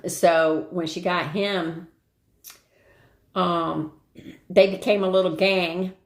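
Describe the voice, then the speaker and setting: A woman's voice: on the low side, vocal fry. An older woman hosting a live stream, telling a rambling everyday story in casual chat and greeting viewers along the way. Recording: roomy echo.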